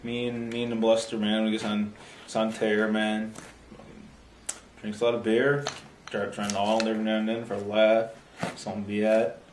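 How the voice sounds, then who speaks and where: A man's voice: on the low side, flat delivery, normal speed, slight background noise, close to an everyday voice. A man with a Newfoundland accent playing a rowdy, beer-drinking buddy, bragging loosely in a mockumentary interview. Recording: roomy echo.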